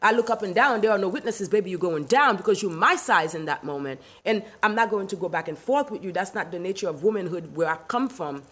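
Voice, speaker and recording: A woman's voice: medium pitch, animated, fast, hardly any pauses, fairly bright tone. A middle-aged woman from Haiti with a Haitian accent, hosting a live stream, ranting emphatically and indignantly, laughing often and answering viewers' comments. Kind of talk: livestream rant reading chat.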